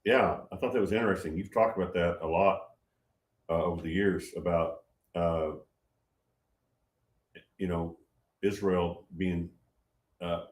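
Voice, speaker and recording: A deep-voiced man, heard with a roomy sound, hosts a prophetic livestream. He talks casually while reading viewer comments, rambling and repeating himself with emphasis.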